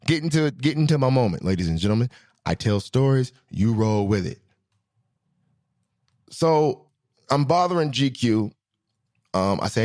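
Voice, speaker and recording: A man hosting his own show, telling stories in a slangy, animated way, swinging between excited high bits and low asides. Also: normal speed, pauses often. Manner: slangy, swearing, self-correcting. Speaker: podcast host. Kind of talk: casual storytelling monologue.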